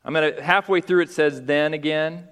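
A male pastor preaching a sermon, climbing to loud, high emphatic peaks and then dropping quiet. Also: fairly even intonation, moderate pace, clear, resonant tone. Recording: long hall reverb.

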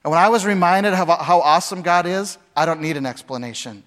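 A man in the pulpit with a somewhat high voice delivers a dramatic sermon. He lurches from shouted, acted-out lines to low, quiet passages, telling the story with lots of energy. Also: expressive, fast. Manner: dramatic, acts out voices with big swings from shouting to hushed. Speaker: pastor.

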